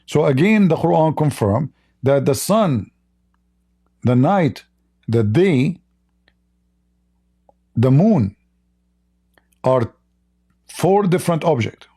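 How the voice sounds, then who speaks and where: Gravelly, dark-voiced man losing his voice. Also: fairly high pitch, animated. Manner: reads quoted passages slowly, then comments with mockery. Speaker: live stream host. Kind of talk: livestreamed religious debate commentary.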